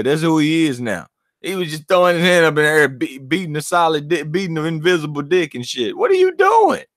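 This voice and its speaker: A man's voice: mid-range voice, no room sound, studio quality. A man hosting his own channel, giving casual, profane, laughing commentary on boxing. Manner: animated, profane, laughing banter.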